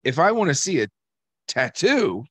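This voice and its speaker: A man's voice: a little high, very animated, moderate pace, slightly rough, no echo. Blunt, profane man chatting casually. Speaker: tattoo artist, podcast co-host. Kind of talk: casual podcast chat.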